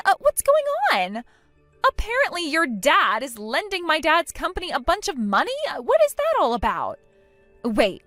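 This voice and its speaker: A woman's voice: high-pitched, a bit bright, no room sound. A woman voicing a spiteful, mocking young woman in a text-message story, taunting and sarcastic. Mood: flustered.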